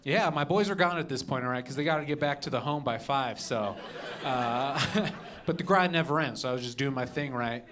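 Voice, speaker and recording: A man's voice: medium pitch, fairly quick, a bit bright. A young man doing stand-up on a comedy club stage, punchy, with "okay?" after each joke. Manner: punchy, adds "okay?" and "all right?" after jokes.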